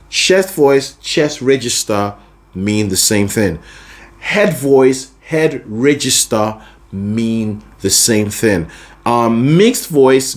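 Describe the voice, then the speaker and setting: Male vocal coach, unhurried delivery, very expressive pitch, keeps asking "okay?". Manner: lively, checks in with the listener often. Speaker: singing teacher. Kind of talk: explaining with sung demonstrations.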